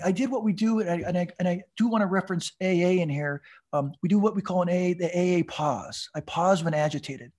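A man in his fifties, a podcast guest telling his recovery story in an animated way, often repeating words as he restarts and laughing as he goes. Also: sits high, breathy edge.

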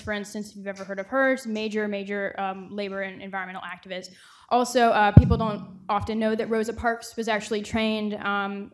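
A young woman in her twenties presenting her reporting project at a conference, earnest and thoughtful, with frequent "um" and "uh" fillers. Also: mid-range voice.

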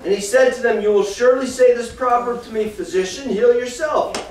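A man teaching a children's church class, reading a Bible passage and then explaining it to the kids in a lively storytelling way. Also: extremely high pitch, fairly quick. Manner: animated storyteller, reads scripture then talks directly to the kids. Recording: echoey room from far off, faint noise.

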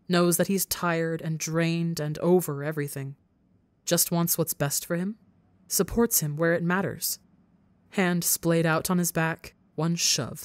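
Low-voiced woman narrating intensely. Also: dry recording. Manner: intense, emotional reading. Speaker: podcast narrator. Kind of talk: audiobook narration of fan fiction.

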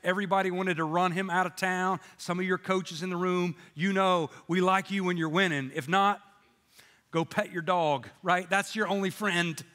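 A middle-aged male pastor delivers a sermon in a church, his voice sitting fairly high for a man. He talks in a folksy, storytelling way, with jokes along the way. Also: fairly even intonation, normal speed, sharp tone, big-room sound. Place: church sanctuary with congregation.

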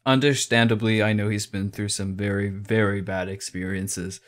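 Male reaction host, lowish voice, chatty and analytical about rap lyrics. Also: little pitch movement, moderate pace, few pauses, fairly bright tone. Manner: chatty, breaks down rhymes and wordplay. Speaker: music reaction streamer. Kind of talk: casual reaction commentary.

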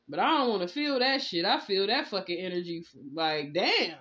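A woman's voice: mid-range voice, big pitch swings, moderate pace, hardly any pauses, fairly bright tone, slightly rough, muffled recording. A woman giving a casual tarot reading, ranting in disbelief with lots of cursing and bursts of laughter. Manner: profane, laughing, incredulous ranting. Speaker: tarot reader. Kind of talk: casual spiritual reading vlog.

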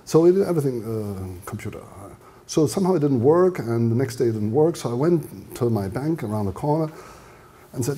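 A man's voice: mid-range voice, expressive, a little fast, mellow, a little hiss or hum. An older man from Germany with a German accent, giving a design lecture in a rambling, storytelling way full of fillers and restarts. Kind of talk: anecdotal lecture talk.

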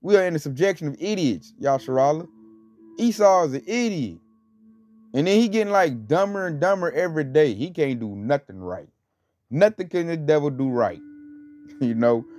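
With a fairly high, darkish voice and lively intonation, a religious teacher speaks at normal speed and with no echo. His informal talk rambles along, full of fillers and scornful emphasis, over faint music in dull lo-fi audio.

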